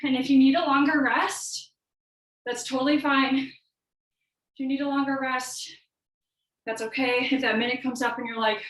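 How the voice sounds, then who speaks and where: A woman's voice: high-pitched, steady tone, moderate pace, long pauses, fairly bright tone. A young woman fitness coach leading a live workout class, calling out encouraging cues and countdowns while a little out of breath. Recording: echoey room, from far off.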